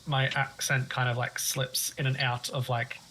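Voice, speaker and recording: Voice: mid-range voice, level tone, normal speed, fairly bright tone, slight background noise, rough recording. A player from Australia with an Australian accent, telling a rambling story in casual chat.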